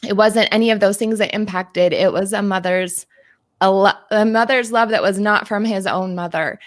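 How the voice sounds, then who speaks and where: A woman co-hosting a talk show, sharing her thoughts in a heartfelt, hesitant way with frequent pauses. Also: mid-range voice, fairly even intonation. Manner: soft, hesitant, many pauses and "um"s. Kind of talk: heartfelt conversation.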